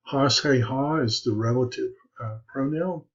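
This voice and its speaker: A man teaching an introductory language class in a recorded video lecture, halting often with "uh" and "um". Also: mid-range voice. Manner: halting, many "uh" and "um" fillers. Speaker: Greek instructor. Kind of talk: recorded lecture over slides. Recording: dull lo-fi voice recording.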